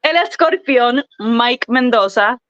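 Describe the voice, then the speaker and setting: A woman's voice: on the high side, measured pace, no echo. A young woman from Puerto Rico, a wrestler chatting as a podcast guest, telling stories in a bubbly, giggly way over a remote call. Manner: chatty, giggly, animated storyteller. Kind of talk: casual interview chat. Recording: dull, lo-fi dry sound.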